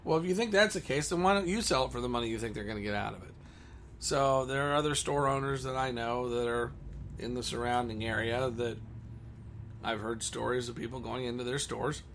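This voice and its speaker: A man's voice: medium pitch, fairly bright tone, slight background noise. A man who owns a comic store, talking bluntly and combatively in a ranting monologue.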